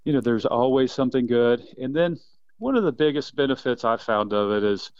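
A man in his fifties, a quail biologist, telling animated stories in a casual interview with plenty of laughs. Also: medium pitch, a little fast, clean tone, no room sound, dull audio. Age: 50s. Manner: enthusiastic, animated storyteller who laughs often.

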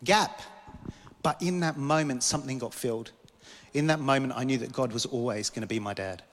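A man's voice: mid-range voice, a little fast, a bit bright, big-room sound. A man from Britain preaching a sermon, telling a personal vision story with rambling asides and small jokes. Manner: storytelling, rambling, self-interrupting, joking asides. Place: church hall.

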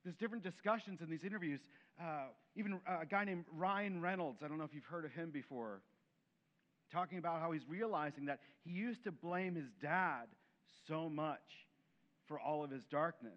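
Man preaching, voice sits high, lively storytelling, acts out the quotes, slightly muffled recording. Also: moderate pace. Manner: animated, acts out quoted voices, drops to soft tones. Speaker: pastor. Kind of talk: sermon.

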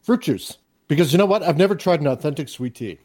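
A man co-hosting a casual podcast, hesitating and thinking out loud. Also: fairly high pitch, expressive, fast talker. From Chicago area. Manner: hesitant, ponders aloud. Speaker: podcast co-host.

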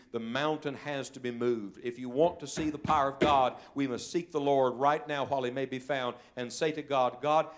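A male evangelist preaching a sermon in a church service, telling stories and swinging from loud, urgent calls to quiet, hushed moments. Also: medium pitch. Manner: storytelling preacher, swells loud then drops to a hush.

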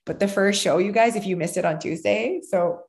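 A woman in her thirties tells a long story in a loose, rambling way, full of "like" and "um". She keeps slipping into brief quoted voices, and her pitch sits in an ordinary middle range. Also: normal speed, a little mellow. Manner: rambling, filler-heavy storytelling with acted-out quotes. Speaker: podcast co-host, mother of a child actor. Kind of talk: casual chat.

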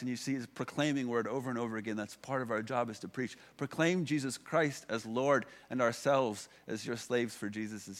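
Man, thirties, pastor, conversational sermon, fillers and restarts, middle pitch. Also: fairly bright tone.

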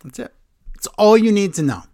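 A man's voice: high voice, big pitch swings, a little fast, mellow. A man co-hosting a casual podcast, talking in a sarcastic, joking way. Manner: sarcastic, does mocking impressions. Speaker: podcast co-host. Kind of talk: casual wrestling chat.

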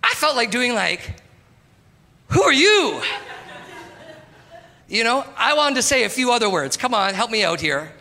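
High, bright-voiced preaching man. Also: a little fast, few pauses. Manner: animated, talks to the congregation, calls out "come on". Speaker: pastor. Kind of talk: sermon. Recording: long hall reverb.

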